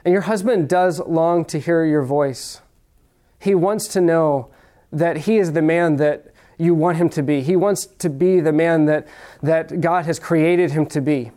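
A man with a fairly high voice delivers a sermon. He talks to the congregation like a conversation, throws questions at them, and slows right down on the words he wants to stress. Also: warm tone. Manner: conversational preaching, direct questions to the audience; slows down to stress key phrases. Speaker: pastor.

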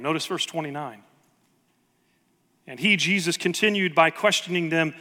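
Pastor guy preaching, sharp bright voice, earnest, big church echo. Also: on the high side, normal speed, long pauses. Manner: earnest preaching, reads scripture aloud with emphasis. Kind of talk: sermon.

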